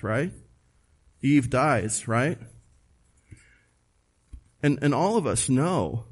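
A man preaching a sermon, emphatic and conversational, asking the listeners questions and reading scripture aloud. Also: medium pitch. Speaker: pastor.

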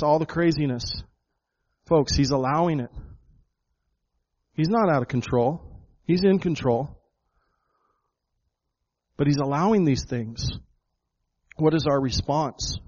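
A man's voice: a little high, darkish tone, highs cut off. A pastor preaching a sermon to his congregation, emphatic, often repeating words and calling them folks. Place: church hall with a congregation.

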